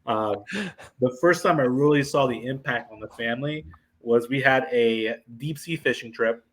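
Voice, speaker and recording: On a casual podcast interview, a man who leads a veterans foundation talks about his veterans' events. His medium-pitched voice is a bit bright and moves at a moderate pace, but he sounds hesitant and uses many fillers, and the audio is poor.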